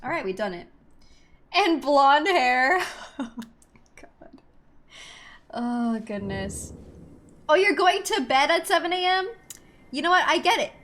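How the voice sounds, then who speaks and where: Her high voice swings widely in pitch and has a slightly bright edge. She takes her time and pauses often while gaming and chatting with viewers, giggling and poking fun at herself as video game music plays.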